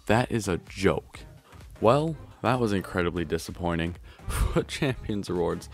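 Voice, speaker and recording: Excitable male streamer, low voice with wild swings, at home trying to stay quiet. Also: unhurried, pauses often, faint music behind. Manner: excitable, swings from grumbling to yelling and laughing; trying to keep his voice down. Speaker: video game streamer. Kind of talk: pack-opening gameplay commentary.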